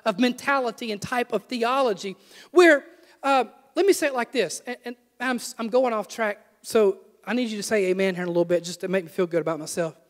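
A young adult man preaching a sermon, with animated repeated refrains and self-deprecating jokes. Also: high-pitched, brisk, long reverb tail. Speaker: pastor. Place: church sanctuary.

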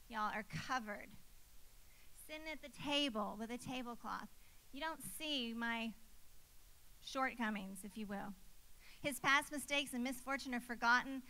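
Bright, high-voiced woman preaching. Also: low-quality recording. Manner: emphatic, repeats phrases for effect. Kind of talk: sermon.

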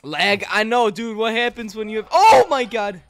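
A man hosting a live gameplay stream, excitable and joking, often yelling to his co-player. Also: high voice, moderate pace. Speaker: streamer host.

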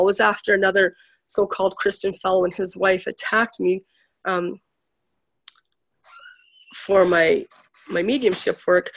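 A woman with a medium-pitched, gravelly voice appears as a talk show guest, a spiritual healer chatting casually. She retells a conversation as if telling a story.

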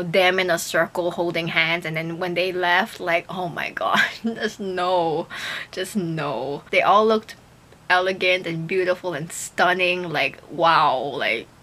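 A woman's voice: on the low side, sharp tone. A young woman reacting to a music video in a casual chat to camera, emotional and gushing, with lots of fillers.

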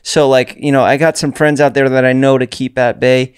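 A man's voice: mid-range voice, level tone, smooth, no echo, studio quality. A man hosting a podcast, bantering and joking with a guest. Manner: joking, fast, profane banter. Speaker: podcast host. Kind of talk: casual podcast chat.

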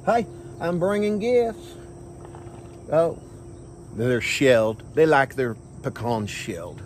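A man hosting a comic vlog outdoors, talking in a folksy, hushed, deadpan way and tagging phrases with "okay?". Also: a little high, takes it slowly, pauses often, slight background noise. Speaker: vlog host playing a self-styled squirrel expert. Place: outdoors under a tree on a farm. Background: faint crickets and insects.

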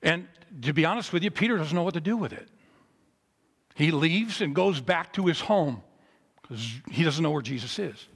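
A man preaching in a chapel in a fairly high voice with a gravelly, husky grain. He tells the story in an animated way, rising loud and then falling low and quiet. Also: normal speed, big-room sound. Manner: animated storytelling with big swings in pitch and loudness. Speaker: pastor. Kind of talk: sermon at a memorial service.

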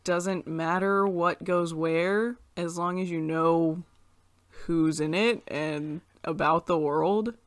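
A woman's voice: lowish voice, steady tone, takes it slowly, dry recording. An American woman co-hosting a podcast, chiming in during a casual movie review with dry, joking asides. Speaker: podcast co-host.

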